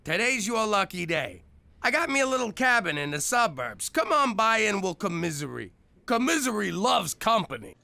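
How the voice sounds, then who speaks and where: Cartoon mob guy, brash, whiny, bouncy delivery, gravelly. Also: high-pitched, big pitch swings, pushed and bright, no echo, full character voice. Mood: brooding. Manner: brash, whiny, fast-shifting. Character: boastful hapless mobster man, brash and self-pitying. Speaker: lead character. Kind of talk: animated series voice acting. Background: music.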